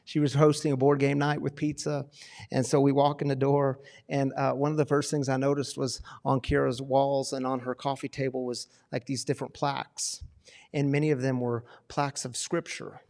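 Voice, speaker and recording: A man preaching to a recovery church community, telling a story with swings between loud and hushed delivery. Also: medium pitch, level tone, normal speed, creaky. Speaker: pastor. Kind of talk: sermon storytelling.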